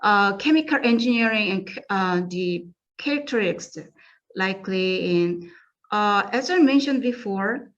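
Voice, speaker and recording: A woman with a Korean accent gives an academic conference presentation, halting often with fillers and restarts. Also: mid-range voice, expressive, a bit bright, highs cut off. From South Korea.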